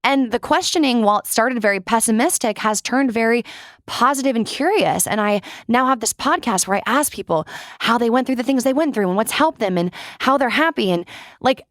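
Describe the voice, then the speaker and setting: A woman's voice: a little high, animated, brisk, no room sound, clean studio sound. A young woman hosting her podcast, talking in a candid, chatty way with lots of "like" and some casual swearing. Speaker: podcast host. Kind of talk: casual solo monologue.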